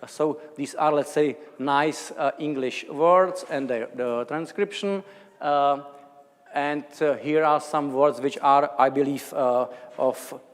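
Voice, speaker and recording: Fairly high-pitched and slow, the Czech-accented lecturer hesitates through his academic talk with many fillers and restarts, his words trailing in the long reverb of a large lecture hall.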